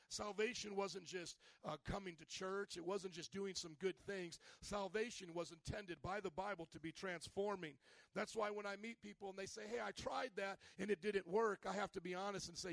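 A man preaching a lively sermon as pastor, slangy and playful, calling on the congregation to respond. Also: high voice, gravelly, dry recording. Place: church service.

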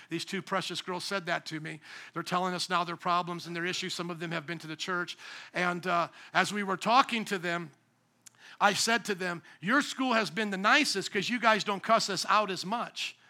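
A preacher in his forties delivering a sermon in a high, very bright, ringing voice. He drops to a near-hush, then builds to loud, emphatic peaks and acts out other people's voices as he goes. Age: 40s. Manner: swings from hushed intimacy to loud, shouting emphasis. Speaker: pastor.

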